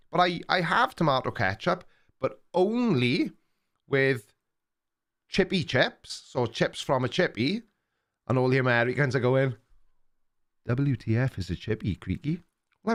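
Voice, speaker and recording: A man's voice: on the high side, fairly bright tone. An older man with a Welsh accent, hosting a live stream and chatting casually with viewers in a rambling, teasing way. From Wales. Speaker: livestream host reading chat.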